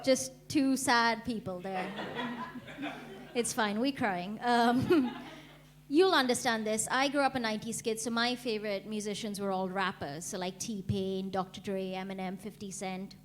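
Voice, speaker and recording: A young woman from India performing a stand-up comedy set, deadpan and laughing at her own jokes. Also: a little high, slight background noise. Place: comedy club stage.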